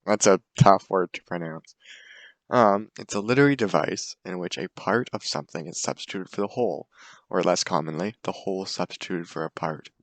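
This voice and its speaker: A man's voice: deep voice, brisk, no echo. A young man giving a casual, hesitant class presentation full of fillers. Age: young adult. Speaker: student presenter.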